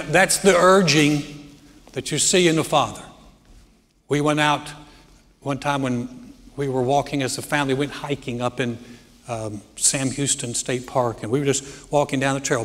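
Middle-aged pastor preaching in a reverberant church. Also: male voice, mid-range voice, measured pace. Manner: storytelling, animated when joking. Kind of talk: sermon. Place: church hall. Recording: church hall with long reverb.

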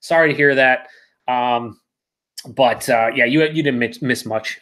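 A man's voice: mid-range voice, a little slow, fairly bright tone. A man hosting a live beer review, talking casually and reading out viewer comments, rambling and correcting himself.

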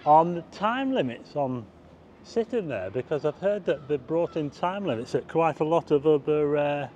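A man's voice: on the high side, expressive, normal speed, a little mellow, lo-fi sound, slight background noise. A man giving a chatty, rambling walking-tour commentary outdoors at night, pointing things out to his viewers. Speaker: vlogger. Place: outdoors, car park roof and town streets at night.

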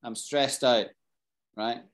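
A British man teaching an English class, explaining expressions slowly, repeating key phrases and asking his students questions. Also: medium pitch, steady tone, a bit bright. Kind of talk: live online English lesson.

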